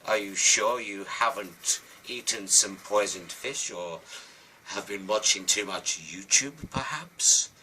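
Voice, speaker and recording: A man's voice: on the low side, takes it slowly, sharp tone, slight background noise, exaggerated voice, low-quality recording. A man voicing an easygoing but indignant male crab in a children's picture story, with a fussy, old-fashioned way of talking.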